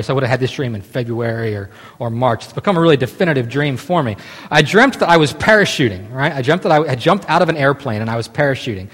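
A man in his thirties telling a long story casually, animated and full of restarts. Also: mid-range voice. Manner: animated, many restarts and "right?" asides. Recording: long hall reverb.

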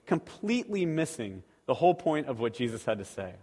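A man's voice: medium pitch, big pitch swings, fast talker, hardly any pauses, a little mellow, slightly rough. A man preaching a sermon as a pastor, talking conversationally with rhetorical questions to the congregation. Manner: acts out quoted voices animatedly. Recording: long reverb of a large hall.

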